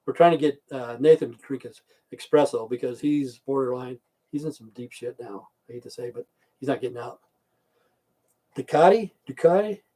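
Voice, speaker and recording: A man's voice: mid-range voice, fairly even intonation, brisk, dark tone, slightly rough. A middle-aged man chatting casually on a live stream, rambling through stories and swearing constantly. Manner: reads out chat viewer names. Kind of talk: rambling casual livestream chat.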